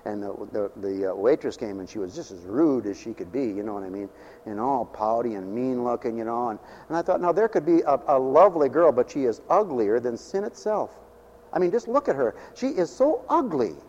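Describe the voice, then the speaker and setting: A man's voice: mid-range voice, lively intonation, brisk, a little mellow, big-room sound, muffled recording. A man preaching a folksy, off-the-cuff sermon, rambling and repeating himself, needling his listeners with rhetorical questions.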